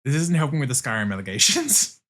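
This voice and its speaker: A male streamer chats casually as he plays, his husky voice bright and edged, pitch bouncing all over. He gets excitable fast, laughs often and swears freely. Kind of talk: casual livestream chat while gaming.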